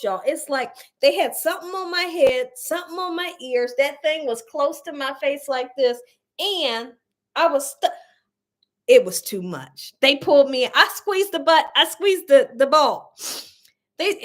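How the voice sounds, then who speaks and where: A woman hosting a cooking livestream, telling a story to her viewers in a lively, animated way and laughing often. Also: high-pitched, moderate pace. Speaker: cooking channel host on a livestream. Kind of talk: casual livestream chat with viewers.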